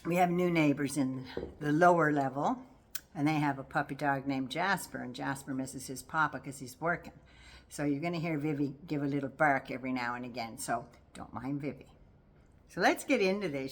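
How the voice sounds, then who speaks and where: An older woman with a low voice talks casually about politics. She is folksy and sassy, and she teases as she goes. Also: fairly bright tone. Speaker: political commentary vlogger.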